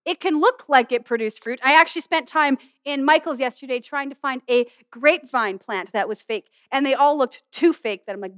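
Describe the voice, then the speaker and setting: A middle-aged woman pastor giving an animated, humorous sermon in a conversational way. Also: sits high, brisk, hardly any pauses, no echo, clean studio sound. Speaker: pastor and student chapel speaker. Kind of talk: sermon with object lesson.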